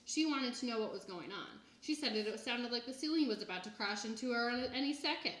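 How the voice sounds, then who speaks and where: A woman reading a children's book aloud in an even, plain storytelling manner. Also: a little high, quick pace. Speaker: reader. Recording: echoey room.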